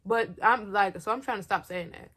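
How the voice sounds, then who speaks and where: A woman's voice: mid-range voice, moderate pace, fairly bright tone, breathy edge. Young woman, blunt slangy storytime. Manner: candid, slangy, addresses viewers as girl; blunt and self-mocking. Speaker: vlogger. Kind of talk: storytime vlog.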